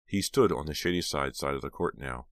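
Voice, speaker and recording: A man narrating an audiobook in a measured storytelling manner on a close mic. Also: rumbling low, dry recording. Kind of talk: scripted narration.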